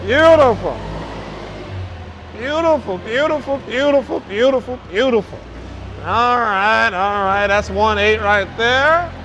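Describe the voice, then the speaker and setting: This enthusiastic product demo features a man with a very high, pushed, bright voice who takes his time. Selling a forklift outdoors, he keeps repeating his praise and whooping while driving it, over faint vehicle and outdoor sounds.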